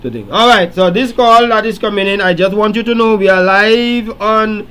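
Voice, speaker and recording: A man's voice: high voice, moderate pace, a bit bright, clean tone, rough recording. A man hosting a late-night call-in radio show, telling stories and lecturing emphatically. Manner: preachy storytelling, rising to emphatic lecturing.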